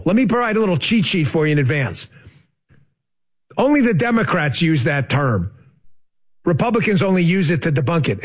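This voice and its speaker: A man's voice: sits high, breathy edge. A man hosting a political talk show, combative and sarcastic, often rising into heated outbursts. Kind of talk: opinionated political commentary.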